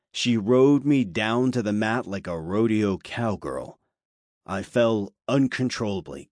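A man narrating a first-person audiobook with wry, measured storytelling. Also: on the low side, no room sound, clean studio sound.

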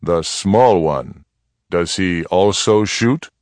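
A man reading aloud gives voice to a stern Apache chief in a storybook western. The chief talks in a very deep, slow, deliberate way, each phrase weighed and grave, with a dry, close sound. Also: darkish tone, dry recording. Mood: grave, measured.

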